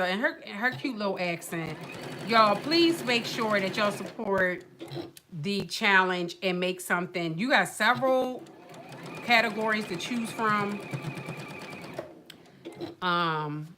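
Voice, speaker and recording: A woman from the northern US hosting a casual sewing livestream, chatting in a rambling, animated way and calling her viewers y'all and child. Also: medium pitch, slight background noise. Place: home sewing room.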